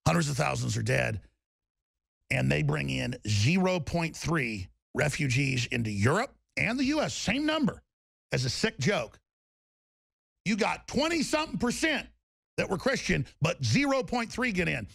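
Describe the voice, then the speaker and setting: A man's voice: a little high, very animated, unhurried, creaky, a bit bright, no room sound, clean studio sound. A man delivering an angry political rant, heated and emphatic, with mocking asides. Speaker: political commentator.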